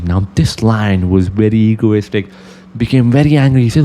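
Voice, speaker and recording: A man's voice: on the low side, lively intonation, normal speed, dark tone. A man giving a motivational talk, telling a fable earnestly and emphatically and breaking off to draw its lessons. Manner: earnest, emphatic storytelling with asides. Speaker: motivational speaker. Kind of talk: motivational storytelling.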